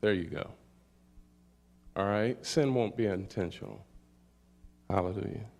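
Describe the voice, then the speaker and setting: A man's voice: on the low side, vocal fry, a little mellow. An older man preaching a sermon, reading scripture aloud and calling out hallelujah between points. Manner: slow, deliberate delivery with scripture readings and call-outs.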